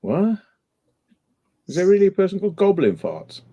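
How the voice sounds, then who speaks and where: A man's voice: sits high, wildly swooping pitch, normal speed, muffled recording. A man in a casual late-night stream chat, rambling through crude jokes and laughing often.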